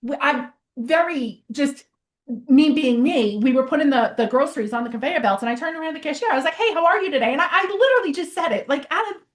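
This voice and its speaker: A middle-aged woman, a psychotherapist speaking as a guest in a casual interview, telling stories with lively acted-out dialogue. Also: high-pitched, quick pace. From Brooklyn, New York. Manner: animated storytelling, acts out quoted dialogue.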